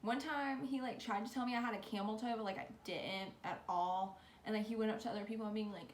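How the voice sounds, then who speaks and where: A young woman chats through a storytime in a rambling, animated way, stacking up "like" as she goes. Her voice sits a touch high. She sounds a little roomy and echoey, with a faint hum of ambience behind her. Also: fast talker, hardly any pauses. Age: young adult. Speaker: vlogger. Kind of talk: casual storytime. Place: bedroom.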